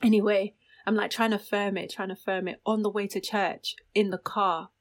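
Young woman, animated storyteller, casual chat. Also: medium pitch, moderate pace. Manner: animated storyteller, bursts into laughter.

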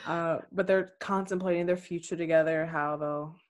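Casual co-host, woman, lowish voice, sarcastic and profane, does mocking impressions. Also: steady tone, moderate pace. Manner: sarcastic, swears, mocks people in quoted voices. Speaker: podcast co-host. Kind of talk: casual recap chat.

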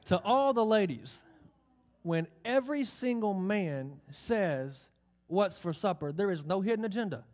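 A man's voice: high-pitched, lively intonation, a little slow, a little mellow. A man preaching a sermon, emphatic, drawing out key phrases and asking the congregation questions. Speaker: pastor.

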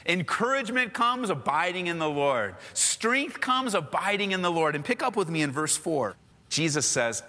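A man pastor preaching an animated, emphatic sermon, repeating phrases and slipping casual slang into his teaching. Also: medium pitch, big-room sound. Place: church.

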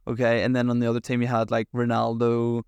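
A young man chats on a podcast, rambling through his stories with fillers and the odd swear. His voice is gravelly yet smooth and resonant, kept in a flat, even pitch. The sound is close and dry. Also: fast talker, dry recording. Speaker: podcast co-host. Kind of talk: casual chat.

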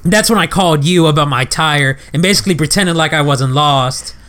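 A young man co-hosts a casual chat and recounts a mix-up. He rambles and halts, restarting his sentences, in a slightly high voice. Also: fairly bright tone. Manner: rambling, halting, full of restarts. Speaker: podcast co-host.

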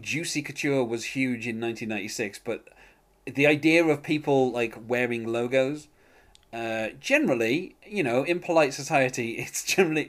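A man's voice: medium pitch, fairly bright tone. Hesitant man chatting casually. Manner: hesitant, many fillers and restarts. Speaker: podcast host. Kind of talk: casual chat.

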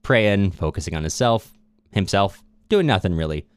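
A man hosting a podcast, casually recapping a novel with animated storytelling and frequent laughter. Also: low-pitched, moderate pace, clean tone, dry recording, studio quality.

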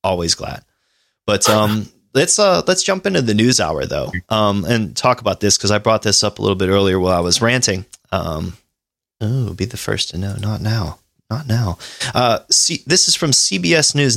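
A man's voice: on the low side, gravelly, a bit bright, dry recording. Dry-sounding irreverent male podcast host. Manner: irreverent, swears and laughs while riffing on stories. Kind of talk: casual chat reading news aloud.

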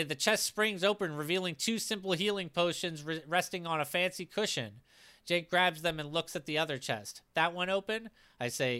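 A man runs through a tabletop game session as its game master, reading out what each player said. His voice is bright, crisp and a little high, and his talk is casual and full of small restarts.

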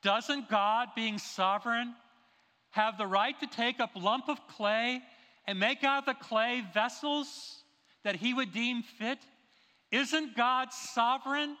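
A male pastor preaches with a high, bright, forceful voice, driving his points home with rhetorical questions. His words ring out through a church sanctuary with a long, lingering reverb. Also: slow. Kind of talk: sermon. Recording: long reverb of a large hall.

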